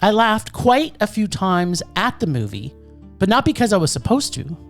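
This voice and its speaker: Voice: medium pitch, moderate pace, soft background music. A podcast co-host giving a sarcastic, ranting movie review in casual chat. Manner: animated, sarcastic ranting critique.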